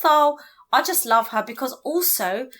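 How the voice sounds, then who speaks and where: Casting: high, sparkling woman comic, an expressive storyteller. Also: a little slow. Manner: lively storyteller who slips into comic voices. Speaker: comedian guest. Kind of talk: animated podcast chat.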